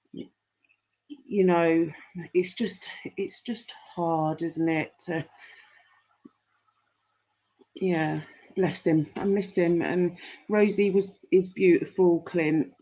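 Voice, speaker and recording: A woman's voice: on the low side, steady tone, slow pace, warm tone, poor audio. A woman hosting a live stream, chatting casually and affectionately to viewers as she reads their messages, rambling with fillers. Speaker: livestream host reading chat.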